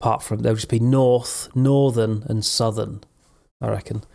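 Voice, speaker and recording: A man's voice: on the low side, fairly even intonation, unhurried, gravelly, dark tone. A man from Suffolk, England, chatting casually and wryly on a live stream in a rambling manner. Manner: rambling, wry. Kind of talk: casual chat.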